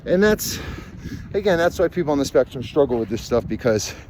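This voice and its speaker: A man's voice: medium pitch, big pitch swings, a little fast, noisy background. A man, a dog trainer, talking casually as he walks a forest trail, rambling and thinking aloud with many restarts, filmed on a handheld camera. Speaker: dog trainer and podcast host. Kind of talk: casual rambling talk while walking outdoors. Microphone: handheld camera, selfie framing.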